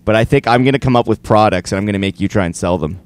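A man hosts a casual podcast conversation. He is playful and teasing and jumps in with quick questions. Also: fairly low pitch. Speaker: podcast host. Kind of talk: casual chat.

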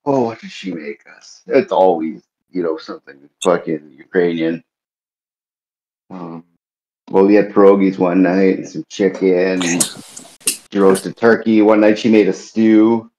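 A man's voice: sits low, a little slow, warm tone, dull audio, a little hiss or hum. A man chatting casually with friends, telling laid-back stories and swearing often. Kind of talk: casual profane banter.

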